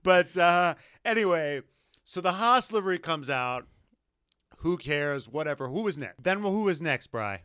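Bright, crisp-voiced young man joking around. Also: on the high side, expressive, a little slow, no room sound, studio quality. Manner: jokey, mock voices, trailing restarts. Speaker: podcast co-host. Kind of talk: casual comedic chat.

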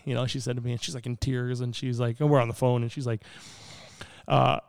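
A man's voice: medium pitch, little pitch movement, fast talker, gravelly, darkish tone, smooth. A man guest on a podcast, telling a personal story in an earnest, rambling way with lots of fillers. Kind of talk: casual storytelling conversation.

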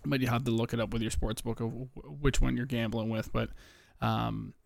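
Late at night at home, a young podcast host chats casually about betting, talking low so he won't wake anyone. His gravelly, ordinary-pitched voice is level and brisk, a bit breathless, as he rambles and swears freely. The recording is close and dry, with no room sound.

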